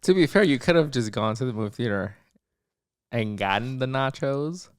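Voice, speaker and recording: A man's voice: mid-range voice, lively intonation, normal speed, clear, resonant tone, no echo, studio quality. A man co-hosting a casual podcast, laid-back and teasing, with frequent swearing. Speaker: podcast co-host. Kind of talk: casual chat.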